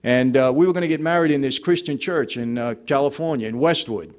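Speaking briskly in a mid-range voice, a man from New York shares his testimony with a live audience. He tells it like a conversation, often saying "you know" and acting out bits of dialogue.

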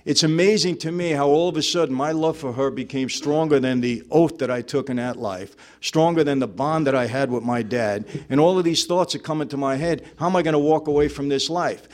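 A man's voice: on the high side, fairly quick, few pauses. A man, telling his personal testimony to an audience in a conversational way and acting out bits of dialogue. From New York. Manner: conversational storyteller, acts out dialogue, frequent "you know". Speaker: speaker giving a personal testimony. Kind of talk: testimony talk to a live audience.

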